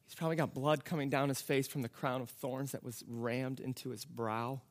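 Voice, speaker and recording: A man preaching a sermon, reading scripture and explaining it in a slow, dramatic way that builds to emphatic outbursts. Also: mid-range voice, little pitch movement. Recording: long hall reverb.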